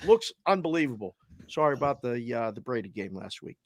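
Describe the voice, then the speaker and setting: A man with a Boston accent hosting a sports talk show, running through listener names and places with energetic, casual shout-outs. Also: medium pitch, normal speed, no echo, studio quality. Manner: energetic, shout-outs with area codes and towns. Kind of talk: roll call of listeners, casual.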